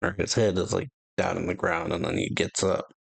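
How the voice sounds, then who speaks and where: Man reacting to a comic chapter, low voice, gravelly fry, lots of filler words, halting. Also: flat delivery, no echo. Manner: halting, filler-heavy retelling. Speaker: channel host.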